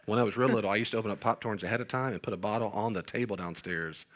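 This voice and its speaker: A man's voice: on the low side, racing. A middle-aged male pastor chatting casually about parenting, rambling through stories and jokes at his own expense. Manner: rambling storyteller, jokes self-deprecatingly. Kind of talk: casual podcast chat on parenting.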